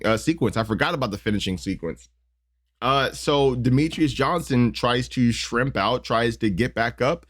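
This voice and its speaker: A man hosting a podcast, casually breaking down fight footage in a rambling, profane way with lots of fillers and restarts. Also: medium pitch. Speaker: podcast host.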